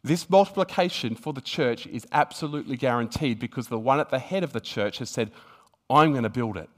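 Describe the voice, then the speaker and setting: A man delivers a sermon in a voice of ordinary, middling pitch. He talks earnestly, often restarting his phrases, and reads passages of scripture aloud. He swells to emphatic peaks before settling back to a calmer tone. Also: fairly quick. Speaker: preacher.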